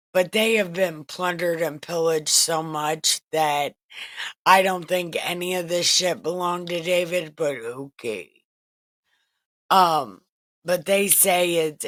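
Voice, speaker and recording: A woman's voice: fairly low pitch, fairly bright tone, no echo. A woman host retelling Bible stories in a casual, profane, wisecracking way, recorded in a makeshift home setup. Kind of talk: casual irreverent storytelling.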